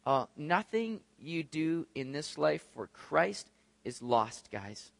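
Male pastor, high voice, dry close sound, animated sermon delivery that jumps up for acted-out scenes. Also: slow, vocal fry, no room sound. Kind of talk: expository sermon.

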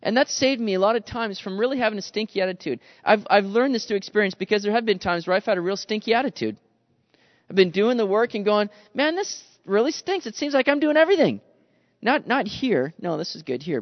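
A man's voice: sits high, a little fast, no echo, in a large hall, muffled recording. A man preaching a sermon in a conversational way, calling his listeners guys and acting out the complaining voices of the people he talks about. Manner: animated, acts out quoted grumbling voices. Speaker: pastor. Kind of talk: expository sermon.

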